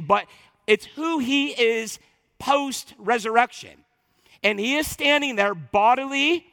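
Man, preacher, high bright voice, emphatic, animated sermon, long hall reverb. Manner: animated, emphatic, acts out quoted speech. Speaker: pastor.

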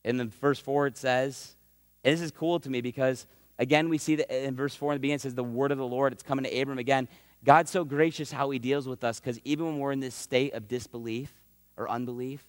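A man's voice: medium pitch, dry recording, studio quality, in a large hall. A man preaching a sermon in a conversational way, sometimes acting out prayers and what God says. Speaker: pastor.

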